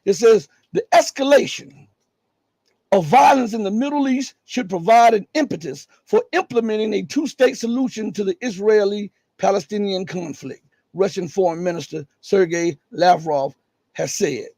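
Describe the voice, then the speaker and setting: A middle-aged man with a scratchy, raspy voice, giving emphatic live news commentary full of rhetorical questions. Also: high voice, moderate pace, a little mellow, no room sound.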